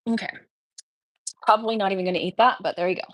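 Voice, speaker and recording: A woman's voice: medium pitch, steady tone, fast, no room sound, studio quality. A woman chatting casually on a live stream, rambling and laughing often as she talks.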